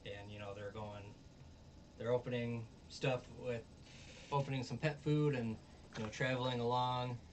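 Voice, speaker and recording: A show reviewer casually recaps an episode, rambling with lots of ums and restarts and sometimes acting out the characters' lines. His medium-pitched voice is steady at a moderate pace, distant from the mic, with slight background noise.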